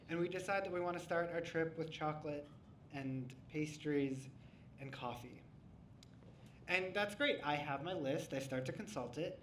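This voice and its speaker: A man tells a funny true story before a live audience, wry and animated. His voice sits a bit high. It rings around a reverberant hall, picked up from a distance with a faint hum underneath. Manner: wry, animated, comic timing.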